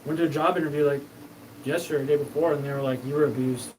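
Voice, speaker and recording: A man rambles through a profane, meandering livestream monologue, his voice sitting somewhat high. He is picked up from a distance, with steady background noise clearly audible behind him. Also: racing. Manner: rambling, profane, jumps between topics. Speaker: show host.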